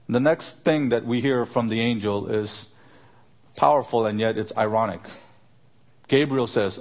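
A pastor delivers an expository sermon at a measured pace, pausing often. He is earnest, raising his pitch to drive points home and asking his questions more than once.

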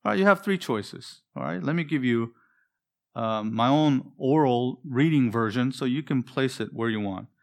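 A man's voice: mid-range voice, vocal fry. A man preaching a sermon in an earnest, preacherly way, stretching key phrases for emphasis and putting direct questions to his listeners. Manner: asks the congregation direct questions. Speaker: pastor.

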